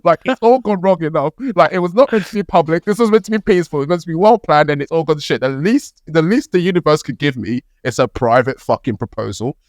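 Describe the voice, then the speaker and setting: A young British man, a podcast co-host, telling a story in an animated, casual way, laughing and swearing as he goes. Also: on the high side, quick pace, few pauses, dry recording, clean studio sound.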